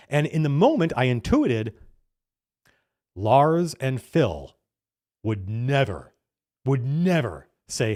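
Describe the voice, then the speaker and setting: A middle-aged man, a game master, excitedly telling how a tabletop session went, in a casual, animated monologue full of restarts. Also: mid-range voice, takes it slowly, long pauses. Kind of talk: casual campaign diary monologue.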